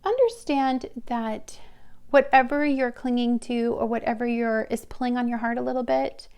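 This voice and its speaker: A woman's voice: on the high side, moderate pace, a little mellow, smooth. A woman giving a pick-a-card tarot reading to her viewers, talking in a hesitant, searching, heartfelt way. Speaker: tarot reader.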